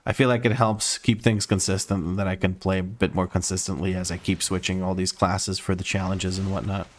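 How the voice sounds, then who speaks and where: Male streamer, American accent, slightly low-pitched, easygoing running commentary over gameplay. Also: level tone, a little fast, slight background noise. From Croatia. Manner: easygoing, explains as he plays.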